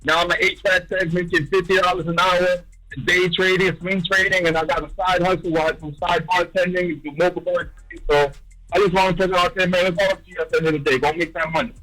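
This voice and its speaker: A man's voice: sits high, level tone, fast talker, pushed and bright, poor audio. A man from New Jersey calling into a radio show, hyped up and giving blunt opinions. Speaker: caller. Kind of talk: radio call-in.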